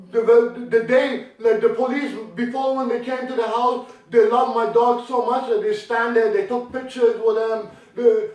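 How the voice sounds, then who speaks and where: A man making a rambling, indignant plea to camera, often stumbling and repeating his words. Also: very high voice. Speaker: aggrieved dog owner. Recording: very echoey, from far off.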